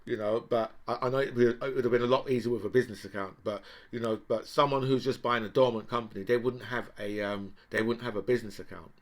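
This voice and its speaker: A man's voice: mid-range voice, fairly even intonation, fast talker, few pauses. Rambling, exasperated male commentator. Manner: rambling and exasperated, with constant tag questions. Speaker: host of a political commentary show. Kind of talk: casual political commentary monologue.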